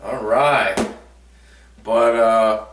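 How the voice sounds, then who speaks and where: A man's voice: on the low side, fairly even intonation, extremely slow, background noise. A man giving a chatty, jokey recap of a boxing match as a vlogger. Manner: chatty and jokey, with many fillers. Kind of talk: casual sports recap. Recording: echoey room, mic at a distance.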